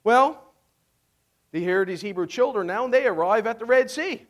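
A man delivers a sermon in a notably high voice. He tells the story in an animated, casual way, acting out the characters and laughing along the way. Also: normal speed. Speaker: pastor.

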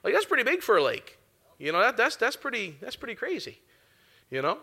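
This male preacher's sermon is folksy and easygoing, weaving scripture into casual talk while tossing "amen" and "come on" at the crowd. He speaks fairly quickly in a high, bright, forward voice with some vocal fry.

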